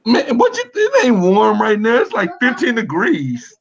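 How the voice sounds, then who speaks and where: Man, joking, laid-back slang, slightly high voice, dull muffled call audio. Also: huge pitch swings, moderate pace, vocal fry. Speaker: guest on a hangout. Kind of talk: casual group video call. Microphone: video call.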